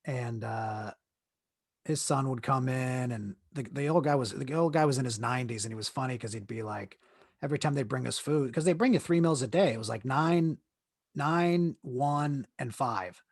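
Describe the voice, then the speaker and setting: Here a man hosts his own podcast, rambling through a crude, comic story with frequent restarts as he sits in leg pain. It's a casual storytelling monologue in a mid-range voice at a moderate pace. The recording is dry and studio quality.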